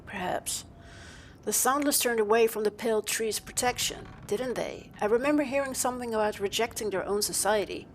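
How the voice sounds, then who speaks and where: A woman voicing a composed, inquisitive adult woman hero in a video game, speaking calmly and deliberately. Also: on the high side, slight background noise, lightly acted. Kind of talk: video game character dialogue.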